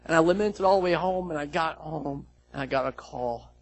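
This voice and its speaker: A man preaching a sermon as pastor, telling a story with lively acted-out dialogue. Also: fairly high pitch, fairly quick, slightly rough, poor audio. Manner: animated storytelling, acts out quoted dialogue.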